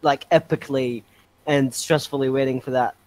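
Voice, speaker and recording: A man in a casual podcast chat with an ordinary mid-range voice. He reacts excitably, exclaims often and laughs along with the others. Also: medium pitch, moderate pace.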